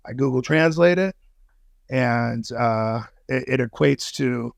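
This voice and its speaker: A man's voice: mid-range voice, takes it slowly, vocal fry, no echo, studio quality. A man guesting on a podcast, telling a story in casual talk, swearing freely and using street slang.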